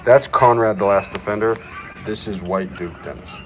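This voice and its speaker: A man's voice: on the low side, normal speed, a bit bright, soft background music, poor audio. Playful man hosting a livestream. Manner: playful, reads chat aloud, hypes himself up. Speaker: livestream host. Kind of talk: casual livestream chat. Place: current location he names while streaming.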